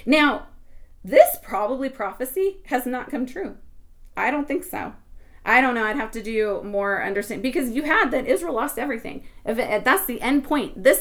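A woman giving an informal devotional talk, rambling with many restarts and swinging between hushed and excited tones. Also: fairly high pitch, normal speed. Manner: rambling, emotional, with frequent restarts. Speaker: Christian teacher.

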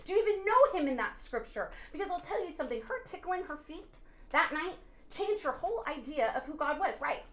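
A woman on a podcast sharing an animated faith testimony, earnest and preachy, often bursting into laughter and exclamations. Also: high-pitched, brisk. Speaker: podcast guest. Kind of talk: excited faith testimony chat.

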